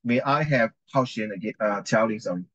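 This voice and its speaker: A man's voice: lowish voice, a little fast, fairly bright tone, breathy edge, highs cut off. Guy teaching english reading, chatty, keeps correcting himself. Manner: chatty, repeats and corrects himself, mixes in Chinese. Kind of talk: reading class with commentary.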